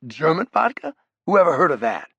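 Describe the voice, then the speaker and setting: A man voicing a brash, profane, big ex-criminal in an audiobook, loud and needling, his pitch jumping up. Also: big pitch swings, a little fast, vocal fry, husky, dry recording, highs cut off, heavily acted. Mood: incredulous. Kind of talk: audiobook character voice.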